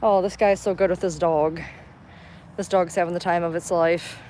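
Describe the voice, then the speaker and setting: A woman's voice: fairly low pitch, fairly even intonation, moderate pace, warm tone, slight background noise. A woman vlogging live on a phone while walking outdoors in a park, slightly out of breath and chatty, turning chirpy when she talks to passersby. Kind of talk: casual live walk-and-talk. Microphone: handheld phone.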